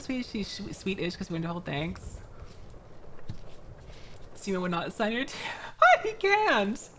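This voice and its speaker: A young woman from Florida, chatting casually on a livestream while building a model kit, animated and quick to laugh, with frequent restarts. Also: on the low side, slight background noise. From Florida, United States. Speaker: streamer.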